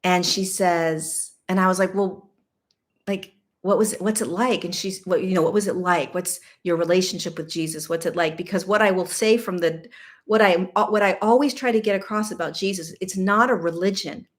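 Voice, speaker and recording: A woman's voice: lowish voice, fairly quick. Candid woman telling a personal story. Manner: candid, animated storytelling with many "like" asides. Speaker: podcast host.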